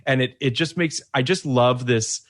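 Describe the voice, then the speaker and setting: A man's voice: medium pitch, moderate pace, fairly bright tone. Male film podcast host; chatty, easygoing, laughs along with guests. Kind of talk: casual film chat.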